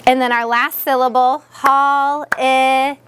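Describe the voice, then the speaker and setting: Patient woman teaching in a classroom. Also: a little high. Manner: patient, encouraging, sounds out words slowly.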